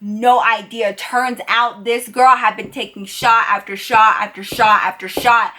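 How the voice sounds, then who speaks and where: A young woman telling a storytime on her vlog, chatty and animated, full of casual fillers. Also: on the high side, a little slow. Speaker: YouTuber.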